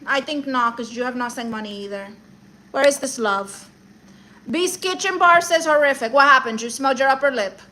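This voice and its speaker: A woman's voice: high-pitched, normal speed, bright, forceful tone, a little hiss or hum. A woman with a Spanish accent hosting a live stream, reading viewers' comments aloud and teasing them with sass. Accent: Spanish-accented English. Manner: sassy, reads chat aloud and teases viewers. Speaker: livestream host. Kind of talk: live stream chat, comedic.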